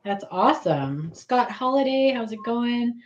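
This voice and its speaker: A woman hosting a casual live stream, giggly and excitable, greeting viewers by name. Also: on the high side, a little slow, dull audio, slight background noise.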